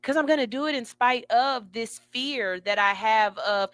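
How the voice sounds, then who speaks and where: Bright, dry-voiced sassy woman host. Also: on the high side, moderate pace, dry recording. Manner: emphatic, sassy, building excitement. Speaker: radio show host. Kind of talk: motivational talk.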